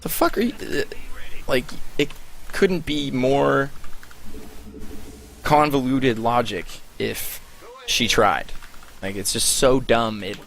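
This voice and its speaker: A man's voice: medium pitch, fairly even intonation, takes it slowly, gravelly, long pauses, fairly bright tone, slight background noise. A man telling a story in a casual, heated rant, swearing often and filling his talk with "like". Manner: heated, profane, filler-heavy storytelling. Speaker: streamer. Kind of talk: casual ranting monologue.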